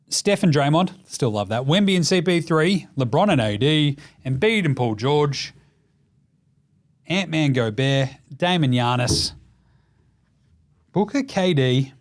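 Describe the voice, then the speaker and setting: A man in his thirties with an Australian accent, hosting a casual, profane, joking basketball chat. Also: medium pitch. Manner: profane, joking, rapid-fire lists. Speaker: podcast host.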